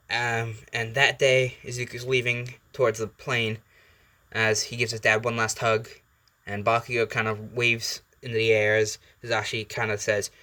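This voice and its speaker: A man's voice: lowish voice, little pitch movement, fairly quick, bright, forceful tone. A man casually retelling a fan story, rambling and laid-back, with fillers and casual swearing.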